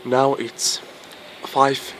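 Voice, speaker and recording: A man's voice: mid-range voice, little pitch movement, fairly bright tone, slight background noise, rough recording. A man whose first language is Arabic, filming a snowstorm before dawn, freezing cold and exclaiming in amazement as he talks. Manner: slow, halting, amazed exclamations. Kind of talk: casual vlog commentary.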